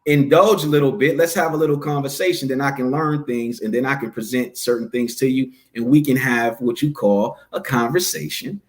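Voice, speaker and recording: A man's voice: medium pitch, steady tone, fairly quick, hardly any pauses. A man as an interview guest, talking emphatically and preacher-like, posing questions and answering them himself. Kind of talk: casual conversational interview.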